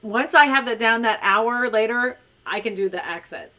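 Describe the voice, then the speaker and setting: A woman's voice: fairly high pitch, normal speed, sharp tone. A woman hosting a casual live stream chat, reading viewer comments aloud and laughing often.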